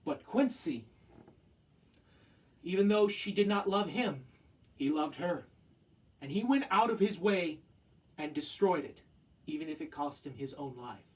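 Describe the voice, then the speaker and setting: A young man delivers an earnest, impassioned talk, piling up rhetorical questions. His voice sits a little high for a man. He stands back from the microphone, so the sound is slightly distant. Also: animated, a little slow, long pauses. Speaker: student giving a talk. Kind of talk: earnest spoken presentation.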